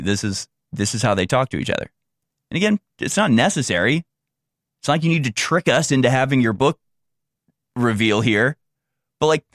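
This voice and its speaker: A man giving casual commentary over video clips in an animated, rambling, incredulous way. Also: medium pitch, dry recording, clean studio sound. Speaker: political commentator.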